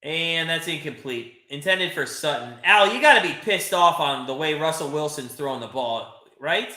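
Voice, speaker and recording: A man hosting a live game-watching stream, reacting out loud and chatting with his viewers. His voice is bright and forceful, a bit high for a man, and it rings in an echoey room. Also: moderate pace. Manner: excitable, chatty, swears, reads chat. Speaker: livestream host. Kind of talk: live watch-party commentary.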